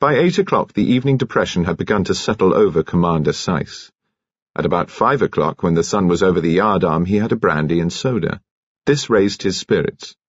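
A deep, husky male voice narrating an audiobook with measured, expressive storytelling. The sound is dry and close, slightly dulled in its highs. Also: dry recording, highs cut off.

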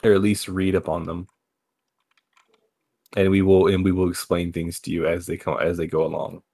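Deep-voiced man hosting a casual podcast. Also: little pitch movement, normal speed, dark tone, breathy edge, no room sound. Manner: playful, joking, repeats lines for laughs. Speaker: podcast host. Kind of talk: casual chat.

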